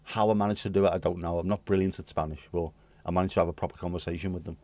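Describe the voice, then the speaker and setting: A man's voice: deep voice, steady tone, rapid-fire, warm tone, dry recording. A British man hosting a livestream, rambling cheekily through chat messages with swear words and jokes. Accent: British English. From United Kingdom. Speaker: livestream host. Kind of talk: casual chat to live chat readers.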